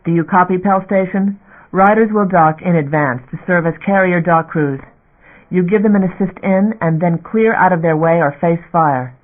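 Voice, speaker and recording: A man's voice: sits high, normal speed, natural voice. A male narrator voicing a stern woman fleet captain who gives clipped, threatening commands. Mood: menacing. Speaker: warship captain. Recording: narrow phone-like audio.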